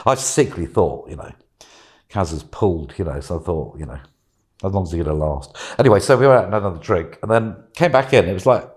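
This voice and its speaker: A British man chatting casually, telling an animated anecdote and acting out voices. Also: deep voice, brisk. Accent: British English. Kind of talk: casual storytelling chat.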